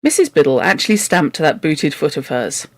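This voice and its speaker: A woman's voice: sits low, big pitch swings, moderate pace, no echo. A woman reading a children's novel aloud for a book club, with wry, joking asides.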